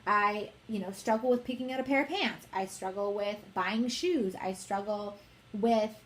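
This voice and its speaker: A woman's voice: medium pitch, moderate pace. A woman in her late twenties talking candidly in an unscripted monologue, rambling and quoting conversations in her own voice. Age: 20s. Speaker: host.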